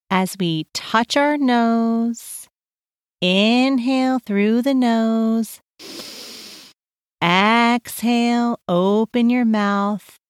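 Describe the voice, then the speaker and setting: Very slow soothing woman guiding children. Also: on the high side, dry recording, clean studio sound. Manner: slow, soothing, sing-song chanting. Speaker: podcast host guiding parent and child. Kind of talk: guided calm-down exercise for kids.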